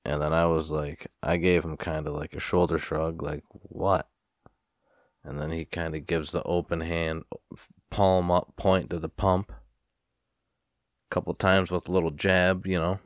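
A man with a very low, deep voice tells a story as a podcast host. His talk is casual and rambling, full of swearing and animated retellings, and the sound is close and dry. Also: moderate pace, no echo.

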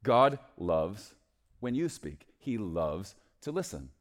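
A man preaching a sermon, swinging from loud, emphatic declarations to soft, hushed storytelling. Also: fairly low pitch, very animated, unhurried.

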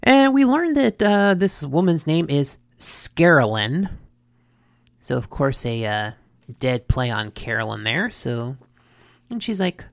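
Slow, gravelly storyteller, animated and rambling. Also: mid-range voice, no room sound, clean studio sound. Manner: animated, rambling, self-correcting retelling. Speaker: show recapper. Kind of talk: casual story recap.

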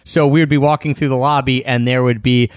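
A man co-hosting a travel podcast, recapping trips in a relaxed, chatty way with plenty of fillers and restarts. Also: mid-range voice, a little fast, no echo, studio quality. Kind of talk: casual conversational recap.

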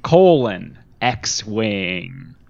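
A man's voice: lowish voice, very animated, very slow, gravelly, darkish tone, no echo, dull audio. A man co-hosting a casual podcast chat, joking and laughing often. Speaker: podcast co-host.

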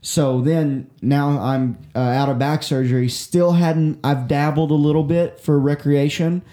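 The recording, made in an echoey room, features a young man whose mellow voice sits on the high side, with fairly even intonation and a slightly slow pace. He rambles through a long personal story in casual talk, cursing and restarting often.

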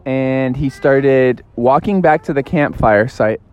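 A man's voice: medium pitch, takes it slowly, darkish tone, lo-fi sound. A young man improvising a silly story in a playful, rambling way, with fillers and tangents.

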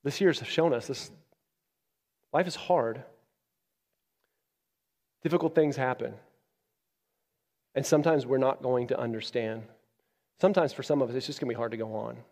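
Male pastor, sermon, swings between loud emphatic peaks and quiet low stretches, mid-pitched voice, long hall reverb. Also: moderate pace, gravelly, pauses often. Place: church.

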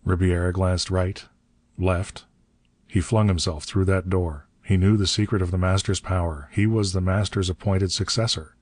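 Deep-voiced male audiobook narrator. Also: fairly even intonation, normal speed, darkish tone, dry recording. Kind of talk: audiobook narration of pulp adventure.

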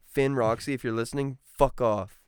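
A man's voice: medium pitch, fairly even intonation, normal speed, a little mellow, smooth, no echo, clean studio sound. A young man co-hosting a podcast, chatting casually with lots of swearing and easy banter. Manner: profane, laid-back banter. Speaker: podcast co-host. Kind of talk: casual chat.

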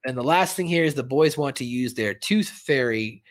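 A man hosting a podcast, casually recapping a cartoon episode in an animated way. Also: medium pitch, moderate pace, dry recording. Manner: animated, jumps into voices while retelling. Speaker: podcast host.

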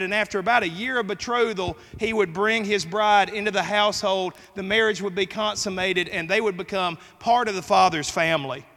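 A man, a pastor, preaching a sermon to his church in an earnest way, pushing up the loudness on key words. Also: high voice. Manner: earnest preaching with emphatic rises. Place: church sanctuary. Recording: long church hall reverb.

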